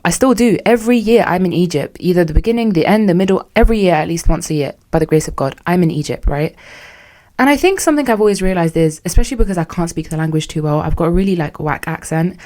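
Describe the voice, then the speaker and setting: A young woman with a British accent talks on her own podcast, candid and conversational. Her voice sits a little low, and she slips into dry sarcasm as she talks. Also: a little mellow. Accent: British English. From United Kingdom. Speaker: podcast host. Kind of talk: solo podcast chat.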